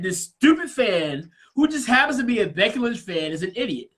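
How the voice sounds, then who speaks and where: A man co-hosting a wrestling talk show, teasing and ribbing his co-hosts in loud, laughing trash-talk banter. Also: sits high, sing-song, normal speed.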